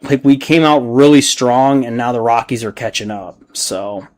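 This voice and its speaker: A man's voice: mid-range voice, normal speed, a little mellow. A man chatting casually on a livestream while painting, rambling and swearing freely as he reacts to his chat.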